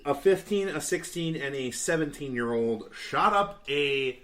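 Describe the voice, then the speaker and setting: Young man, podcast co-host, rambling, chuckly, slightly high voice. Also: expressive, measured pace, fairly bright tone. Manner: rambling, laughing through news stories. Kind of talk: casual podcast banter.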